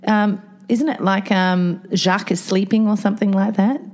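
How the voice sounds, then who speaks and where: An Australian woman co-hosting a podcast in casual chat, animated, jokey and casually swearing. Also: mid-range voice, normal speed. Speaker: podcast co-host.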